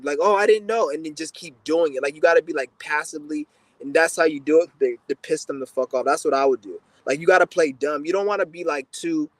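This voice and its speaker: A man's voice: on the high side, no echo. A young man hosting a livestream, answering questions in a blunt, profane, rambling rant with frequent stammering restarts. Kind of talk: casual ranting chat.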